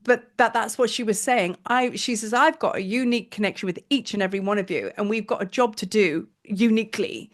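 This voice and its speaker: A woman's voice: medium pitch, a little fast, hardly any pauses. A woman teaching an online spiritual class in a casual, effusive way, laughing often and talking over a video call. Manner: chatty and effusive, laughs often, many fillers.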